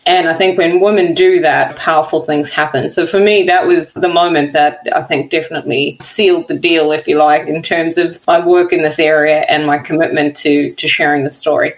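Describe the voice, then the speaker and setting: A woman's voice: deep voice, steady tone, normal speed, few pauses, rough recording. A woman researcher as an interview guest, telling her story earnestly and with feeling, with many casual fillers. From not from America. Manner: earnest, heartfelt, many "you know" fillers. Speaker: guest, workplace equality researcher.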